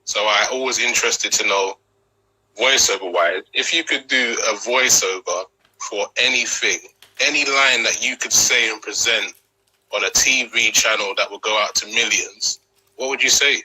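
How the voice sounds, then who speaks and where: A man's voice: lowish voice, moderate pace, pushed and bright, husky, low-quality recording. A man hosting a casual interview show, enthusiastic and slangy, often restarting his sentences. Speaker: host.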